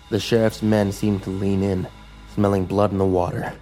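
A man narrating a first-person horror story in a low, subdued storytelling voice. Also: little pitch movement, normal speed, dark tone, faint music behind.

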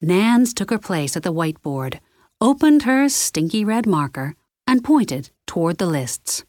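A woman narrating a novel in a measured, expressive reading voice. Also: lowish voice, no echo, studio quality. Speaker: audiobook narrator. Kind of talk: scripted narration.

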